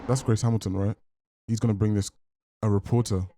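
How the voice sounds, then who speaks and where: A man hosting a film reaction, talking casually with joking asides and quick exclamations. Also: on the low side, steady tone, warm tone, slight background noise. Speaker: movie reaction host.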